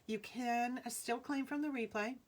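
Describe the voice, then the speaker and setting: A woman with a Rhode Island accent hosts a casual live jewelry sale from her home. Her voice sits a little high and she talks slowly and easily. She chats with her viewers, greets them by name and laughs often. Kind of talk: casual live-stream selling chat.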